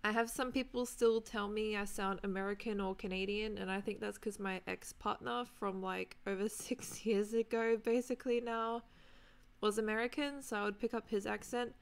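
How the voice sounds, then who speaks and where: Chatty Australian woman with light vocal fry. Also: mid-range voice, fairly even intonation, moderate pace. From New Zealand, raised in Australia. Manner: chatty, greets viewers by name. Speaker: gaming streamer. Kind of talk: casual live-stream chat.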